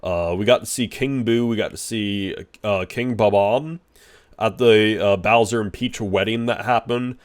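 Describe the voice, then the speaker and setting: Excitable rambling man reviewing a movie. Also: lowish voice, measured pace. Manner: excitable and rambling, with frequent restarts and fillers. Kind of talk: casual spoken review.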